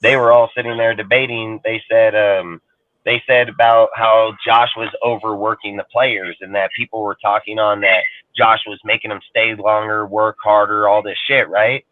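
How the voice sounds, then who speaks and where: Dude ranting football over a tinny phone line, swears a ton, dry sound. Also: male voice, on the low side, level tone, normal speed, no room sound. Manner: profane, rambling, heated. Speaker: guest on a sports talk show. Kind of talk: casual sports talk.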